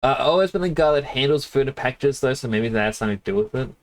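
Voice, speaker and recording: A man streaming a game, sniffling a little and telling rambling stories with quick laughs into a desk mic. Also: mid-range voice, lively intonation. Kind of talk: casual chat while gaming.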